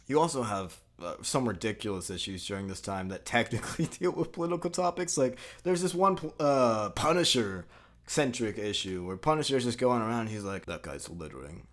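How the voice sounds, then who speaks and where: A man's voice: medium pitch, normal speed. A man hosting a video essay, who narrates in a conversational way with filler words and the occasional swear.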